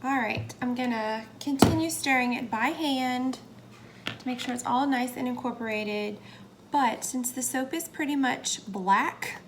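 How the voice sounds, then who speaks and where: Young woman, casual crafting vlogger, hesitant and chatty, light higher voice, faint noise floor. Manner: chatty, hesitant, drops into whispers while working. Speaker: soap maker. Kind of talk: casual how-to narration.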